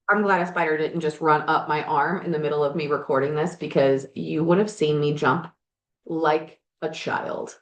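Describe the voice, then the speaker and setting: A woman life coach and podcast host talking frankly and animatedly, now and then swearing, while working on projects in her garage. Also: low-pitched. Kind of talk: candid motivational chat. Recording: roomy echo.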